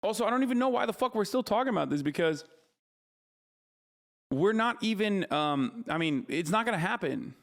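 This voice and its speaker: A man's voice: high-pitched, animated, moderate pace, vocal fry, a bit bright. Heated profane male streamer. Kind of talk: livestream reaction rant.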